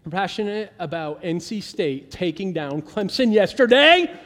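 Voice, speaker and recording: A man preaching a casual, animated sermon as pastor, acting out quoted voices as he goes. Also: high voice, moderate pace. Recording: long hall reverb.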